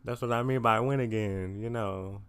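A man's voice: lowish voice, steady tone, moderate pace, clear, resonant tone. A teenage young man hosting his own podcast, talking casually and tiredly, rambling with lots of fillers and self-deprecating asides. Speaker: podcast host. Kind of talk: casual solo chat.

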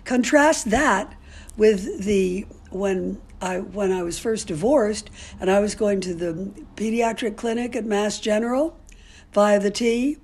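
Husky older woman telling stories. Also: mid-range voice, unhurried, darkish tone. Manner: candid and outspoken, with frequent ums and restarts. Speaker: interviewee. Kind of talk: casual storytelling.

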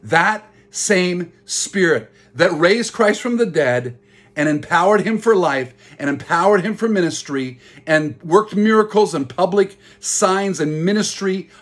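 A man with a slightly raised pitch and a husky edge preaches a sermon. He talks earnestly, circling back over key phrases to drive them home. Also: lively intonation, a little slow. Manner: earnest, repeats phrases for emphasis. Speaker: pastor.

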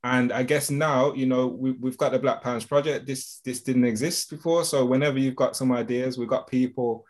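A man's voice: mid-range voice, steady tone, normal speed. A man hosting a podcast interview, supportive and affirming toward his guest. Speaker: podcast host. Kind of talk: interview conversation.

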